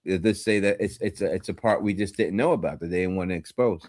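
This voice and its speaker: A man's voice: low voice, fast talker, darkish tone, dry recording, clean studio sound. A man co-hosting a live TV reaction stream, arguing his reading of the plot with many restarts. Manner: argues a point, restarts often.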